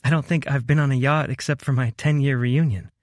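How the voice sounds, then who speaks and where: A man's voice: mid-range voice, steady tone, brisk, dry recording, clean studio sound, natural voice. A man narrating an audiobook, voicing a young woman with a wry, self-deprecating humor. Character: shy, witty young woman on a first date.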